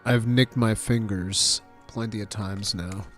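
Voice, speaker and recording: A man casually chatting on his stream while building models, his voice nasal and stuffy from allergies, telling stories in an animated, swearing way. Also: lowish voice, slow pace, soft background music. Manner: animated, profane storytelling.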